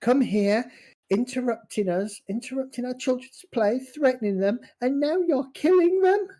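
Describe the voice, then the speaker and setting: A game master voicing an angry, protective goblin mother who scolds in a high, shrill voice. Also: expressive, moderate pace, dark tone. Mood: scolding.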